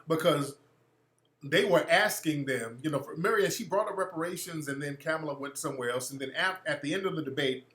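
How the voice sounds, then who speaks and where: Bright-voiced man ranting bluntly. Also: a little high, brisk, reverberant. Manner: blunt, profane, animated ranting. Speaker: radio show host. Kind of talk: political commentary monologue.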